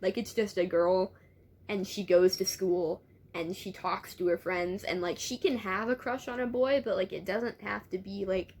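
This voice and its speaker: A young woman book reviewer reads a teen novel aloud and keeps breaking off into chatty, amused asides, laughing often and interrupting her own reading. Her voice is mid-range, a little mellow and husky, with fairly even intonation and a normal speed.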